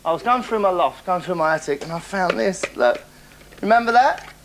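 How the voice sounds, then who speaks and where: A man's voice: sits high, expressive, a little fast, a bit bright, a little hiss or hum. A man hosting a comic monologue, boastful and rambling, chuckling at his own stories. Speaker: comedy character host.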